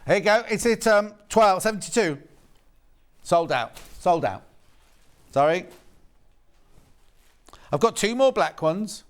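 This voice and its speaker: A man's voice: high-pitched, animated, slow pace, pauses often. A man presenting on a TV shopping channel, chatty and jokey, bantering and repeating prices. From West Midlands, England. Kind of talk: live shopping TV sales patter. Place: TV studio.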